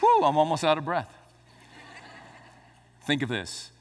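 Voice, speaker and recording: A man preaching a sermon as pastor, swinging between quiet explanation and rising exclamations, with playful asides to the congregation. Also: on the high side, wildly swooping pitch, a little slow, long reverb tail, a little hiss or hum.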